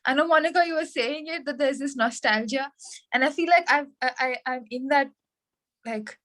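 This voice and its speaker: High-voiced, thoughtful woman on a video call. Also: normal speed, a bit bright. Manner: thoughtful, hesitant with "um" fillers. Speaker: workshop participant. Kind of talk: casual group sharing.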